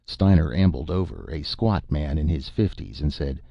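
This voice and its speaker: A male narrator reading an audiobook in a measured, even way. His voice is very low and gravelly. The recording is dull and dry, with no room sound. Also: dry recording.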